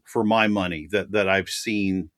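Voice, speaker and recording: A man's voice: low-pitched, steady tone, unhurried, fairly bright tone, dry recording, studio quality. A man chatting animatedly as a guest on a film podcast, laughing often and talking at length. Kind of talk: casual podcast chat.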